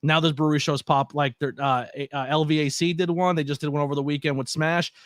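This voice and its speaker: A man's voice: fairly high pitch, steady tone, quick pace, no room sound, clean studio sound. A man speaking as a podcast guest, rambling enthusiastically and restarting his sentences often. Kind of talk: casual chat.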